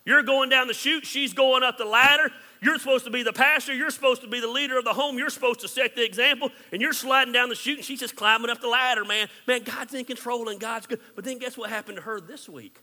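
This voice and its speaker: Pastor, male, high sharp voice; candid and jokey, loud then hushed, hall reverb. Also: fairly even intonation, fast, hardly any pauses. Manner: candid, joking, swings between loud and hushed. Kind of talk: sermon.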